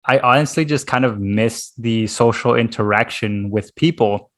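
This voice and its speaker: A man from the United States hosting a casual interview over a video call, relaxed and hesitant, with many fillers and laughs. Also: mid-range voice, normal speed. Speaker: podcast host, interviewer.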